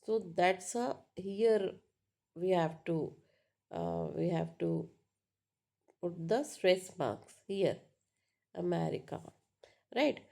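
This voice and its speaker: Woman, teaching, slow, mellow, halting with fillers. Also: fairly low pitch, vocal fry. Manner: halting, full of fillers and checking "right?". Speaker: English teacher. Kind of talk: spoken lecture on pronunciation.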